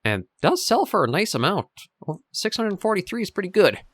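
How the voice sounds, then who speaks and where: Male game host, loose thinking-aloud commentary, animated pitch, dry sound. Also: fairly quick, husky, no room sound. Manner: relaxed, thinking aloud with fillers. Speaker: gaming channel host. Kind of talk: casual gameplay commentary.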